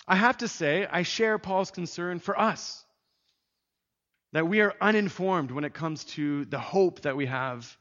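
A man preaching in an earnest, emphatic way, his voice sitting a little higher than most men's. The sound is dull and a bit muffled, with a long reverb trailing off each phrase in a church sanctuary. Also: fairly bright tone. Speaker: pastor. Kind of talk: sermon.

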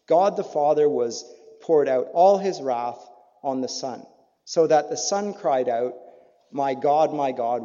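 Earnest male preacher in a reverberant hall. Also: mellow. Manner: earnest, rising to emphatic peaks then dropping low. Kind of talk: sermon. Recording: dull lo-fi sound in a reverberant hall.

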